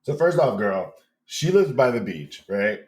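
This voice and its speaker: Loud campy New York man. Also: mid-range voice, very animated, a little slow. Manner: loud, campy, laughs often. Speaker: podcast guest. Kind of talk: animated storytelling.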